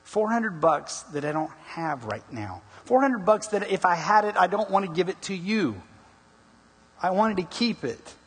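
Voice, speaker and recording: A middle-aged man preaching a sermon, telling a personal story and asking the congregation questions in an animated way. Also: high voice, normal speed, husky. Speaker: pastor. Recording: long echoing reverb in a large hall.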